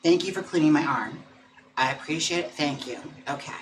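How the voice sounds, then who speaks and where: Bright, playful man on a home livestream. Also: brisk, slight background noise. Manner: chatty and playful, often laughing; coos and coaxes his dog in a higher voice. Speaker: livestream host. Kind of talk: casual livestream chat.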